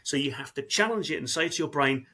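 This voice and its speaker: A man in emergency service speaking candidly in an interview, earnest and halting, often repeating words as he talks. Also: fairly high pitch, animated, bright, forceful tone.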